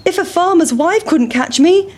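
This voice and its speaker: A woman voicing a cheeky, boastful runaway pancake in a children's storybook reading, squeaky and teasing. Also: expressive, normal speed, a little mellow, slight background noise.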